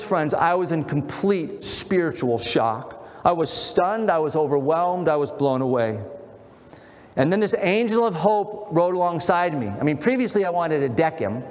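A man preaching as a pastor, telling a story in an earnest, animated way. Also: a little high, moderate pace, big-room sound. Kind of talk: sermon.

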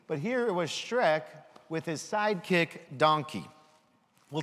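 A man giving a children's sermon, lively and full of questions for the kids. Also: fairly high pitch, big-room sound. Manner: animated, asks children questions.

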